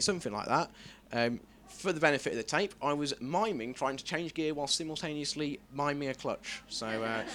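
On a club stage, a man runs through a self-deprecating stand-up set, cursing freely and slipping into squeaky voices for his bits. His tone is fairly bright.

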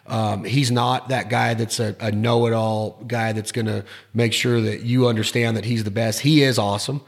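A man's voice: fairly low pitch, steady tone, moderate pace. Man, podcast host, casual interview, rambling, enthusiastic, repeats words.

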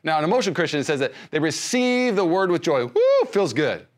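A male pastor giving a sermon, speaking conversationally with many restarts and swinging between loud emphasis and soft hushed lines. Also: on the high side, animated, fast. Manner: frequent fillers and restarts, conversational preaching.

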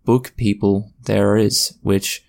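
A man with a low, gravelly voice hosts a solo podcast, talking bluntly and with passion. His delivery is a ranting monologue with plenty of feeling behind it. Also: little pitch movement, takes it slowly, darkish tone. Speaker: podcast host.

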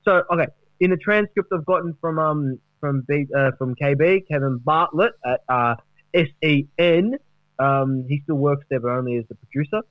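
Crude rambling podcast host. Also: male voice, on the high side, moderate pace, no echo, highs cut off. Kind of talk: comedic podcast banter.

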